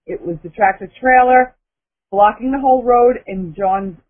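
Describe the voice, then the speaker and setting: A woman's voice: a little high, normal speed. A woman caller telling a dramatic personal story, emphatic and breathless in the telling. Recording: tinny phone line.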